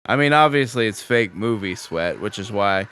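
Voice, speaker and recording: A man co-hosting a podcast, making measured, dry, wry remarks during a movie commentary track. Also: on the low side, animated, fairly bright tone, clear, resonant tone. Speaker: podcast co-host.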